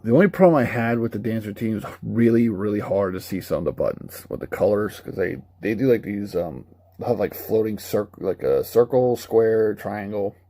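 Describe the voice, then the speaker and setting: A man's voice: on the low side, moderate pace, dark tone, no room sound. A man giving a casual, rambling, candid spoken review of a video game. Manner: rambling, candid, laughs at his own retellings.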